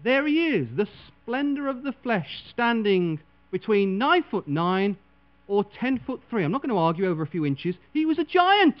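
A man preaching a sermon dramatically, acting out the people he quotes with big leaps in pitch and loudness. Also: animated, moderate pace. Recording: dull lo-fi recording with mains hum.

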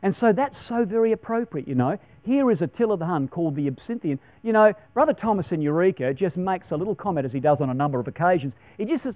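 A chatty man giving a Bible class sermon, talking in an easy, folksy way and putting questions to his listeners. His voice sits a little high for a man. The sound is dull and lo-fi, recorded dry with a steady mains hum underneath. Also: fast, few pauses, dry recording. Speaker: preacher.

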